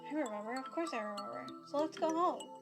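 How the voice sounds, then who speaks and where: A woman voicing a soft-spoken male teacher who has become an unhinged killer in a game, with game music behind. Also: high voice, animated, fast. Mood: cold. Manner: gentle then eerily repetitive.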